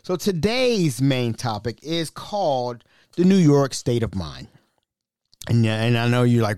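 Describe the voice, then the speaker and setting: A man hosting a podcast, telling a family story in a casual, animated and exasperated way. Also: medium pitch, normal speed, no room sound, clean studio sound. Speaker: podcast host.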